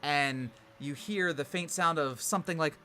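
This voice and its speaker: A man narrating as game master in a tabletop game, in a rambling, animated way. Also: a little high, normal speed, a little hiss or hum.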